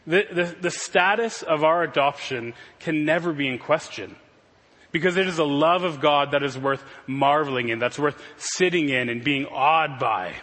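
A man in his thirties delivers a sermon in a conversational, earnest manner, with a somewhat raised pitch. His voice has a husky edge. The sound carries the long reverb of a large hall. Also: moderate pace, a bit bright. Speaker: pastor.

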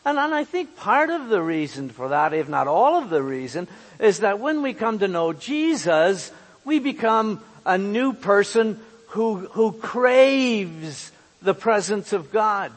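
Slow, high-voiced preacher in a hall. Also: male voice, big pitch swings. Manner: earnest, repeats words while finding them. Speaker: pastor. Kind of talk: sermon.

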